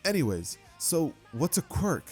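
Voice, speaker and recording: A man's voice: a little high, big pitch swings, unhurried, soft background music, voice pushed up. A man voicing a brash adult woman inventor who scolds bluntly but means well, in a fan-made spoken story. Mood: bossy.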